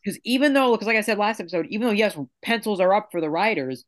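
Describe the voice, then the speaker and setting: A man's voice: high voice, lively intonation, fast. A man co-hosting a casual podcast, ranting in an exasperated way. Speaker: podcast co-host.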